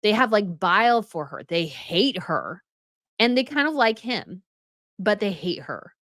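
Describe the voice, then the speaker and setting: A woman's voice: mid-range voice, very animated, a little slow, a bit bright, no room sound, clean studio sound. A woman giving casual news commentary as a channel host, chatty and full of fillers.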